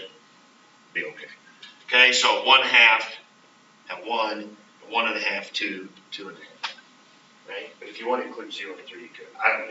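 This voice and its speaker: Bright-voiced man teaching a classroom. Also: lowish voice, a little hiss or hum. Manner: questioning, checks in with students often. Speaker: math teacher. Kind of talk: classroom lecture. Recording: roomy, distant, dull classroom recording.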